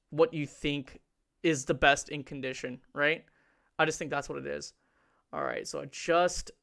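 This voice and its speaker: A man's voice: on the high side, vocal fry, fairly bright tone. A man hosting a casual podcast, talking loosely with lots of fillers while he runs his own stream. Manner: talkative, loose, many fillers. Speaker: podcast host. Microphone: streaming setup.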